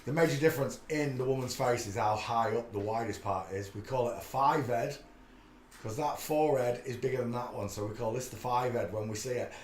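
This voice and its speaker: A man's voice: mid-range voice, fairly quick, echoey room, a little hiss or hum. A man hosting a casual live stream, chatting in a rambling way with many filler sounds. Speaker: livestream host.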